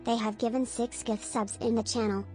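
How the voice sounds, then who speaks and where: A synthetic woman's voice reading stream alerts aloud in flat, evenly paced announcements. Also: mid-range voice, moderate pace, loud music behind the voice. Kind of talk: text-to-speech alert reading.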